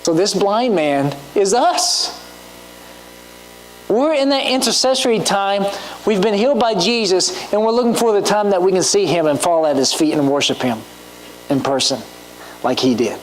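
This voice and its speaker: A woman delivers a sermon in a church, earnest and full of rhetorical questions. Her pitch rises and falls in a lively, animated way. A faint hum runs underneath the recording. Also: normal speed, rough recording. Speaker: preacher.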